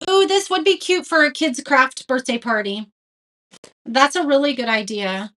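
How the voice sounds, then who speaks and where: A woman's voice sits high and sounds bright and forceful, moving at normal speed. As she hosts a live craft tutorial, she chats casually, reads out viewer comments, and laughs at her own mistakes with self-deprecating humor.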